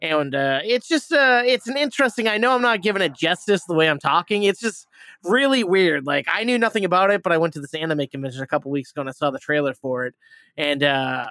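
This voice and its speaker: A man's voice: on the high side, expressive, fast, bright, forceful tone, no room sound. A man hosting a movie review podcast, retelling a plot in a rambling, casual way, full of fillers, restarts and swearing.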